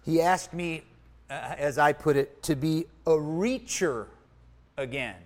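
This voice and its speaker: A man preaching from his own story, his voice sitting a little high for a man. He acts out what he thought at the time and swings between loud, punchy lines and near-whispers. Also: slow pace. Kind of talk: sermon testimony.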